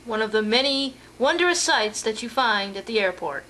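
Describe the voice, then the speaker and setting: A woman with a slightly high voice narrates her family's vacation photos, chatty and full of little fillers and restarts. A faint hiss runs beneath the recording. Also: lively intonation, normal speed, fairly bright tone. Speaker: home video narrator.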